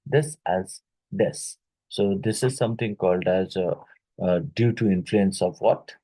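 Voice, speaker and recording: Man, husky, deep-ish, exam-prep teacher, filler-heavy. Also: fairly even intonation, warm tone, low-quality recording. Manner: halting, with many fillers and "right?" tags; repeats each question aloud.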